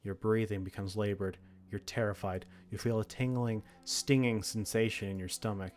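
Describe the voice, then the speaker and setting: A man's voice: lowish voice, fairly even intonation, moderate pace, darkish tone, soft background music. A man reading a text horror game aloud, with dramatic narration broken by laughs and reactions. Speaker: game streamer.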